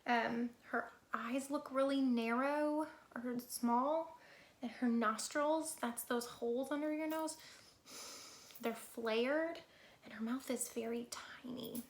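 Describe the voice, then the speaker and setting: A woman reading a picture book aloud to children as a storyteller, lively and talking straight to her young listeners, sometimes dropping into a soft whisper. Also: on the high side, slow, roomy sound. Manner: animated, talks straight to children, drops to soft whispers for asides.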